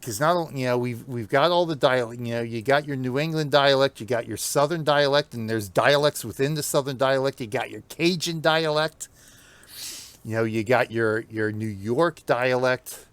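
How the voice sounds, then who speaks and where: A man's voice: medium pitch, moderate pace, fairly bright tone, clean tone, no room sound. An American man with a Northeastern accent chatting with viewers while he plays, rambling and laughing often. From United States. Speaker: streamer. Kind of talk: gameplay commentary chatting with viewers.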